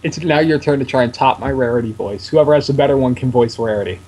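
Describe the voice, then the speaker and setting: A man's voice: medium pitch, quick pace, darkish tone. A man casually co-commenting on a game, dry and teasing, reading the on-screen text aloud. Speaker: let's play co-host. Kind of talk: casual gameplay chat.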